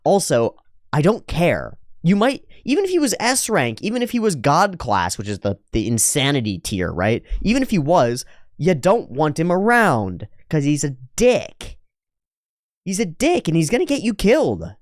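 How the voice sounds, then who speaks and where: A man giving sarcastic, profane commentary on an anime. His pitch is very lively, and he is recorded on a close, dry mic. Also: moderate pace, no room sound. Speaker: anime reaction host.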